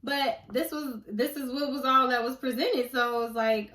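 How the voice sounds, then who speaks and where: A young woman vlogging in a loose, conversational way, her voice sitting on the higher side. She talks with feeling and pushes into heated indignation when something strikes her as wrong. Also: fairly even intonation, normal speed, fairly bright tone, poor audio. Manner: conversational and passionate, rising to indignant outbursts. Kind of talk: casual opinion vlog.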